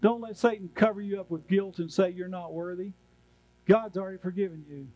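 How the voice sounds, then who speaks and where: A man's voice: high voice, quick pace, a little mellow, rough recording. A male pastor preaching a sermon in a church, driving his points home with repeated refrains.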